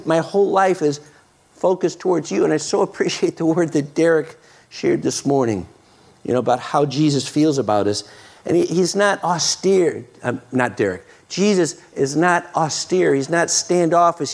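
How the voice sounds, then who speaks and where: Gravelly man preaching with earnest fervor. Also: fairly high pitch. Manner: earnest, repeats words and restarts, rises to loud excitement. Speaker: pastor. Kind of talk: sermon.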